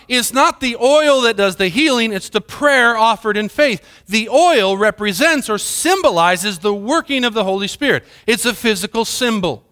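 A man's voice: very high voice, expressive, moderate pace, few pauses, sharp tone, clear, resonant tone. A male pastor preaching a sermon in church, earnest and conversational, asking the congregation questions. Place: church sanctuary.

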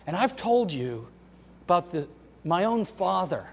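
A middle-aged man, a pastor, preaching a sermon in a storytelling way, swinging between loud emphasis and soft asides. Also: high voice, sing-song, a little slow, vocal fry. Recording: long hall reverb.

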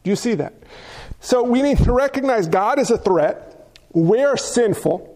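A man's voice: very high voice, expressive, measured pace, darkish tone. A male pastor preaching a sermon, emphatic, with many rhetorical questions to his congregation.

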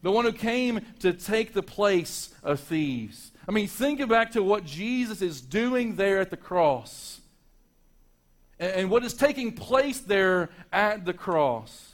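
A male pastor delivering a Sunday morning sermon, rising to loud emphatic peaks and dropping to hushed, quiet passages. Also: sits high, big pitch swings, takes it slowly. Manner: dynamic preaching, swinging from loud to hushed.

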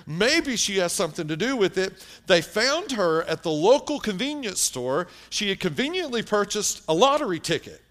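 Animated male preacher telling a story. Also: sits high, normal speed, hardly any pauses. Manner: animated storyteller, shifting from hushed to loud. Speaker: pastor. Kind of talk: sermon storytelling.

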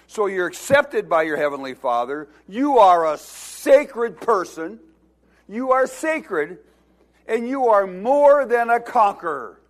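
High-voiced man preaching a sermon slowly. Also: sing-song. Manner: exhorting, has the congregation repeat phrases; preaching with rising emphasis, at times shouting. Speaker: pastor.

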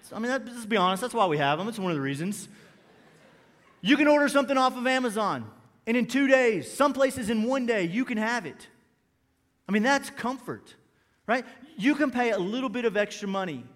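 High-voiced male pastor in a reverberant hall. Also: animated, brisk, fairly bright tone. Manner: conversational, repeats key phrases, asks the room questions. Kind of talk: sermon.

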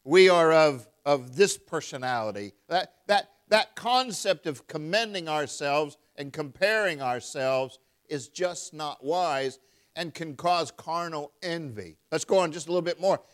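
A man preaching emphatically, reading verses aloud and calling out to his listeners. His voice sits a little high for a man. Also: expressive, measured pace. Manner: emphatic, calls out to the congregation; reads scripture aloud in King James wording. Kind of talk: sermon.

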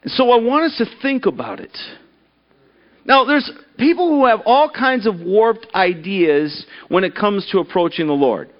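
An earnest male preacher delivering a sermon and reading a story aloud, his voice sitting high. He stumbles and repeats himself as he starts thoughts, and the recording is dull and lo-fi. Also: lively intonation, unhurried. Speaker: pastor.

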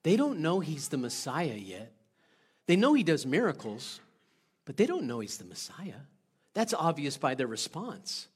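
A man preaching a sermon in a conversational way, putting questions to the congregation and moving between loud stretches and hushed ones. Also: fairly high pitch, husky. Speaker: pastor.

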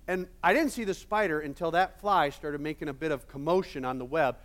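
A male pastor preaching a sermon in a casual, animated storytelling manner with many fillers. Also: fairly high pitch, brisk.

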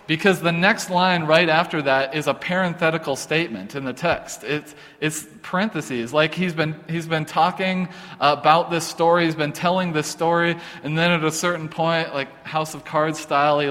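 A man's voice: fairly high pitch, a bit bright. Earnest preaching man in a reverberant hall. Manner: earnest, informal, with frequent restarts and fillers. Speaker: pastor. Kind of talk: conversational sermon.

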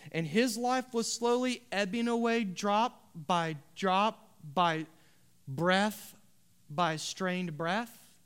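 A man preaching a sermon, building to loud emphatic swells and dropping to quiet, earnest tones. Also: high-pitched, clean tone. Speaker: pastor.

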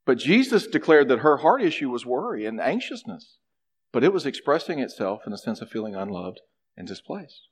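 A man preaching a sermon, animated, acting out a character's complaints in a raised voice. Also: medium pitch, a little fast, breathy edge. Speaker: pastor.

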